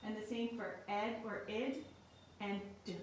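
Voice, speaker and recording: A woman teacher giving a recorded lesson in a slow, clear and patient way. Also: medium pitch, fairly even intonation, a little hiss or hum. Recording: very echoey room, mic at a distance.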